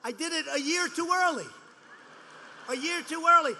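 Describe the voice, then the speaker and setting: Speaking at normal speed in an extremely high, sharp voice, a politician in his seventies rambles through a campaign rally speech, boasting, mocking, and repeating himself. The large venue gives it a big-room sound.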